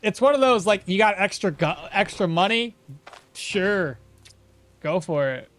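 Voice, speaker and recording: Chatty high-voiced male game streamer. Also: lively intonation, a little slow, fairly bright tone. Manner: rambling, self-correcting, chatting with viewers. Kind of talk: casual gameplay commentary.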